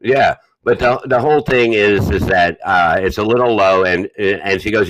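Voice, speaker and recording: A man's voice: fairly low pitch, moderate pace, hardly any pauses, a little hiss or hum, low-quality recording. An older man telling crude, boastful stories on a comedy podcast. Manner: profane, boastful, loud storytelling. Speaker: podcast co-host.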